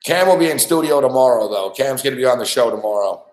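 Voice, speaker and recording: A man's voice: mid-range voice, expressive, fast. A man with a mid-range voice tells a long, loose story as a sports talk host. He swears freely and circles back on himself. The room around him sounds echoey. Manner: profane, rambling, laughs a lot. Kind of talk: casual storytelling chat.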